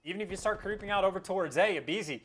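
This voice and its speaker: A man giving measured, explanatory esports commentary. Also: sits high, noisy background. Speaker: esports caster. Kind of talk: analytic commentary.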